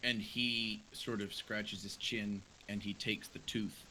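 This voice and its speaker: A man narrating as game master of a tabletop game, talking in a relaxed, rambling way. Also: lowish voice, takes it slowly, a little hiss or hum, poor audio.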